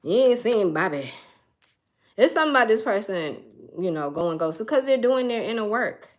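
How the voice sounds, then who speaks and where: A woman's voice: medium pitch, expressive, normal speed. A woman, doing a casual tarot reading and chatting straight to her viewers in a folksy way. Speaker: tarot reader.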